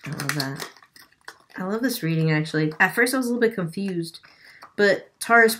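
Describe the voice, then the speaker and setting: Woman tarot reader, low voice, unusual accent, chatty and offhand. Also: lively intonation, fairly quick, noisy background. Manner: chatty, swears, laughs at herself. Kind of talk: casual tarot reading.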